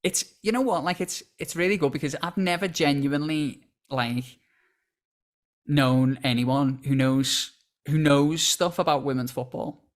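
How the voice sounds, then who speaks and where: Chatty male podcast co-host. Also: a little high. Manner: chatty, halting, many restarts. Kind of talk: casual chat.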